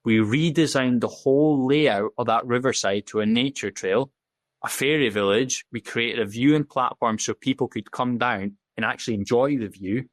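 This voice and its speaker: Man, podcast guest, blunt candid storytelling, swears a lot, mid pitch, dry close sound. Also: normal speed, no echo. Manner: blunt and profane, acts out quoted dialogue. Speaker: podcast guest, safety officer.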